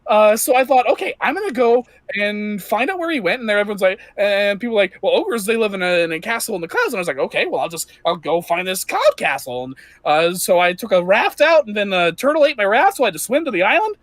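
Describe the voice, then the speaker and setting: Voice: medium pitch, sing-song, quick pace, few pauses, no room sound, pitched above the performer's own voice, natural voice. A game master voicing a nervous young man in his twenties who rambles and stammers with anxious energy. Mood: rambling.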